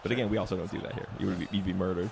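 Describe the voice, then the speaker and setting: A man's voice: sits low, fairly even intonation, vocal fry, a crowd in the background. A man casually recapping a bad movie for laughs, sarcastic, slipping into the characters' lines. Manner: sarcastic, acts out characters' lines in quick voices. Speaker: podcast host.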